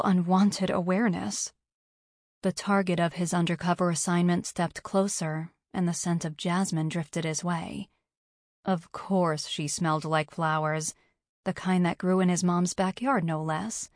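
A woman reading a romance audiobook in a steady, measured way. Her voice sits a little low for a woman, and the sound is dry and close with no room echo. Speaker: audiobook narrator. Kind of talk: scripted narration of a romance novel.

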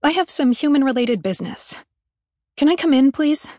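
A woman's voice: high-pitched, lively intonation, normal speed, warm tone, no room sound, clean studio sound, pitched above the performer's own voice. A woman playing a brash, sarcastic heroine. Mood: snappy. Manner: blunt, snappy and sarcastic. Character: brash, impatient young woman on a space station.

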